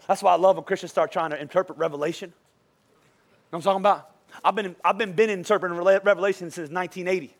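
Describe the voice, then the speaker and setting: A middle-aged male pastor preaching a lively, joking sermon in church, urging the congregation to repeat lines after him. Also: high-pitched, racing. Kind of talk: lively sermon with call-and-response. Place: church service before a congregation.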